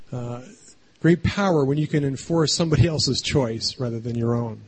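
A man's voice: mid-range voice, normal speed, few pauses, breathy edge. A man preaching a conversational sermon, often checking in with the congregation by asking "right?". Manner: chatty, keeps adding "right?". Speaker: pastor.

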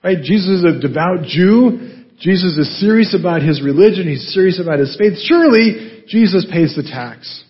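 A male pastor teaching a Bible passage in a relaxed, conversational way, asking rhetorical questions and often adding "right?". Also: high voice, normal speed, lo-fi sound.

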